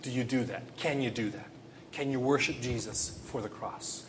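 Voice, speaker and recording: A man's voice: mid-range voice, normal speed, slight background noise. Impassioned man preaching a sermon. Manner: impassioned preaching, rising to loud rhetorical questions then dropping soft. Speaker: pastor.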